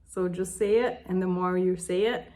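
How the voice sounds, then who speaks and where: A young adult woman, a life coach, gently talks through an emotional tapping routine and speaks sample phrases aloud with sighs. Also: fairly low pitch, fairly even intonation, moderate pace. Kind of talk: instructional tapping demonstration.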